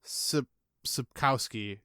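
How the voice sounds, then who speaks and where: Male podcast co-host, mid-pitched, rambling casual chat, dry close sound. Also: slow pace, pushed and bright, clean tone, dry recording.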